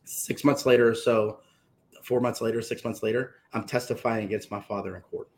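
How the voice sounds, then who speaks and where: A man's voice: lowish voice, fairly even intonation, fairly quick. A man, a guest author, telling an emotional story from his own life and acting out the voices of the people in it.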